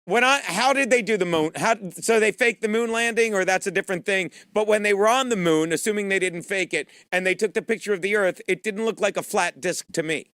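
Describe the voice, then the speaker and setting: A man's voice: high voice, fairly quick, hardly any pauses, a bit bright, clear, resonant tone, no room sound. A man hosting a comedy talk show, joking and skeptical, laughing along as he questions his guest. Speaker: host.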